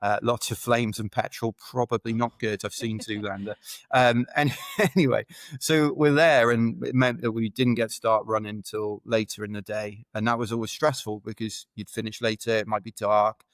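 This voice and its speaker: A man's voice: fairly low pitch, steady tone, moderate pace, no room sound. A British man telling rambling, self-deprecating stories as a podcast guest in casual chat. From United Kingdom. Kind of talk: casual anecdotal storytelling.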